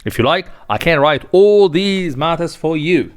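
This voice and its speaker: A man's voice: fairly high pitch, expressive, unhurried, dry recording. List: sly gossiping charity commissioner, read by a man, confiding, tattling, dry sound. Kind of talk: dramatic reading of a play.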